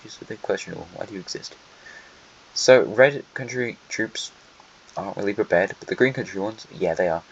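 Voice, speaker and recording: Narrating an alternate history map in a casual, wry way, a man aims dry joking asides straight at the countries. His lowish voice is husky with vocal fry and fairly quick, on a lo-fi recording with faint hiss.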